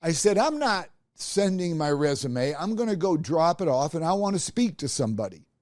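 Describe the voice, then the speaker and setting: A man's voice: fairly high pitch, normal speed, no echo. Storytelling man with a dry close sound. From Nebraska. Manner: animated, acts out quoted voices. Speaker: podcast host. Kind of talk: personal storytelling.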